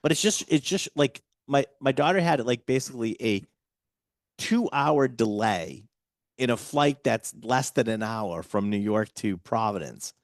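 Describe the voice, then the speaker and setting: A man's voice: medium pitch, lively intonation, unhurried, dry recording, studio quality. A man hosting a casual radio talk show, chatting loosely and restarting his sentences often. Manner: chatty, rambling with many restarts.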